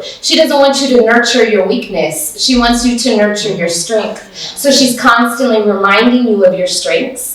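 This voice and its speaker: A woman agent in a panel talk, speaking warmly and repetitively in praise of her team leader. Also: medium pitch. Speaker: real estate agent. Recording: echoey room, mic far off.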